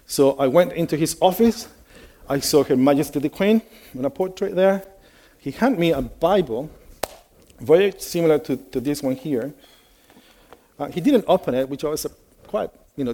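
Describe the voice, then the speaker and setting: Chatty preacher man, mellow voice. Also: a little high, normal speed. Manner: conversational storytelling, many fillers, asks the audience questions. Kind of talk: sermon.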